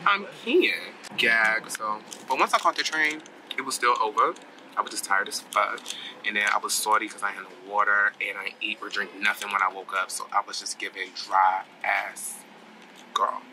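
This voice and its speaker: Holding his phone or camera, a man vlogs on the move through the streets and onto a train around Long Island and the city, exclaiming and ranting in sassy slang. His lowish voice is steady and sharp at a normal speed, and the outdoor recording is noisy.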